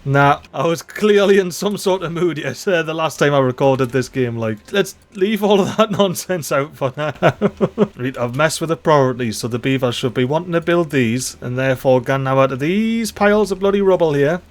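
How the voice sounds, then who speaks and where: Excitable man narrating his gameplay. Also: a little high, normal speed. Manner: excitable, talks to the game characters; chatty, swears mildly, dialect slang. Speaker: let's play host. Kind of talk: casual gameplay commentary.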